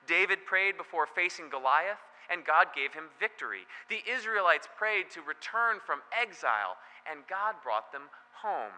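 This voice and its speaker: A male pastor preaching a sermon in a church, telling the story with gentle humor. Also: fairly high pitch, expressive, a little slow, few pauses, long reverb tail, rough recording.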